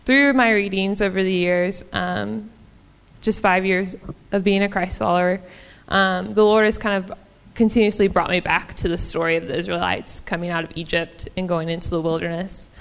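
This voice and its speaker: A woman's voice: medium pitch, fairly even intonation, normal speed, clean tone, in a large hall. A woman giving a casual, chatty sermon in a church, with frequent ums and small laughs. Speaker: church speaker.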